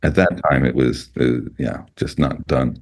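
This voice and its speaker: A man in his sixties from the United States, a guest photojournalist telling animated, laughing anecdotes in casual conversation. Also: a bass voice, unhurried, breathy edge. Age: 60s. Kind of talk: casual storytelling.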